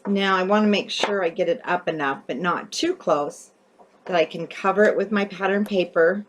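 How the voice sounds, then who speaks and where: A woman's voice: lowish voice, moderate pace, a little hiss or hum. Chatty woman narrating a craft tutorial. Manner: chatty, thinking aloud while working, often self-correcting.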